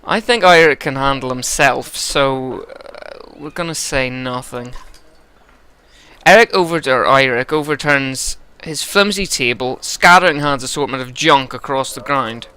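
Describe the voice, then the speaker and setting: Tipsy man narrating a game, bright voice. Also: mid-range voice, a little slow, clear, resonant tone. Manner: joking, rambling. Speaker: let's-play narrator.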